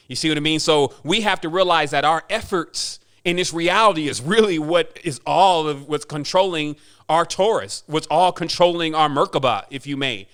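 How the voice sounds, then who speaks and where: A man hosting a spiritual podcast, talking in an emphatic, preachy monologue and mimicking people in quick asides. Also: on the high side, a bit bright. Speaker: podcast host.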